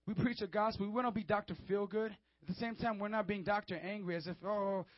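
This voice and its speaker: A man's voice: sits high, quick pace, no room sound. A man preaching a fervent, emphatic sermon to a young audience, often calling out to his listeners. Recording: dry, dull lo-fi sound.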